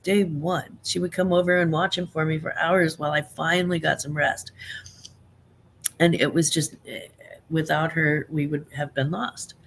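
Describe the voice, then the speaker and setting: A woman's voice: low voice, fairly even intonation, moderate pace, creaky, a little hiss or hum. A woman in her fifties hosting a live stream, chatting casually and rambling with many fillers and restarts, laughing often between remarks. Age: 50s.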